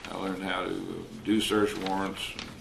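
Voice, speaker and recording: Older man with a deep gravelly voice. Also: completely flat delivery, measured pace. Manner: folksy, anecdotal, acts out quoted dialogue. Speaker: retired wildlife officer interviewee. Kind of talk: storytelling interview. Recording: roomy recording with faint noise.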